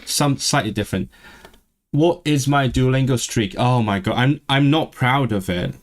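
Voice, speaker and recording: A man hosting a casual language livestream, rambling, restarting his sentences and sounding out phrases slowly. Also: medium pitch. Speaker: language channel host. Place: lives in England, streaming from home.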